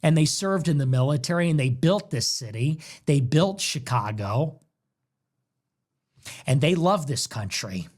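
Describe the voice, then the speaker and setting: A young man hosting a livestream, ranting in an angry, indignant, preaching monologue. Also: sits high. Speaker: political livestream host.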